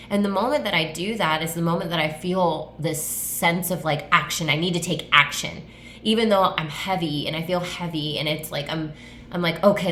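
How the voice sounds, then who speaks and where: A woman's voice: on the low side, fairly bright tone, slight background noise. A woman hosting her own podcast, talking in a rambling, effusive way, filling her sentences with "like" and swearing casually. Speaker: podcast host, tattoo artist and coach. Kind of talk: casual solo podcast monologue. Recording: echoey room.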